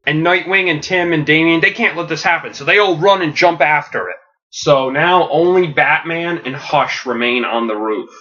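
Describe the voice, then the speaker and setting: Bright-voiced man excitedly pitching a story. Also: moderate pace, muffled recording. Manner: animated, casual, slangy.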